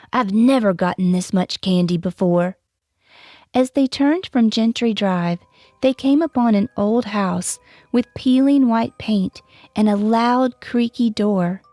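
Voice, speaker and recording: A woman narrating a children's bedtime storybook in a gentle read-aloud manner, giving the characters light voices. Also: medium pitch, no room sound. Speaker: storyteller and author.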